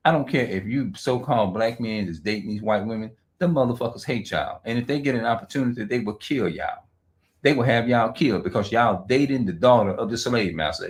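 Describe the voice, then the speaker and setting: Man, lowish voice, livestream monologue, rambling, profane, lots of restarts. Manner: rambling, profane, heavy restarts and repeated words; halting slow reading aloud with stumbles. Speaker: livestream host.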